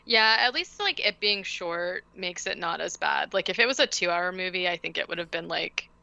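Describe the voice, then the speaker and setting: A woman co-hosts a podcast in loose, casual chat. Her voice is bright and smooth, with a bit of fry underneath. She laughs often and leans on fillers. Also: on the low side, expressive, normal speed, no echo, dull audio. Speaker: podcast co-host.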